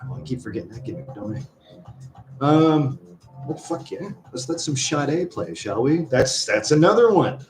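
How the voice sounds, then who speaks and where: A man's voice: medium pitch, sing-song, normal speed, a little mellow, low-quality recording. A man hosting a live stream, rambling and sighing as he talks to viewers and reads their comments aloud. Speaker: livestream host. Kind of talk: rambling casual livestream chat. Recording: music playing behind.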